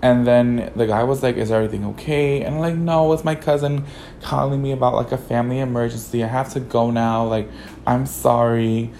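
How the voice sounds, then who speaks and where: A man's voice: medium pitch, steady tone, brisk, warm tone, a little hiss or hum, low-quality recording. A man hosting a podcast, telling a personal story in a sassy, slang-heavy casual monologue. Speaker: podcast host.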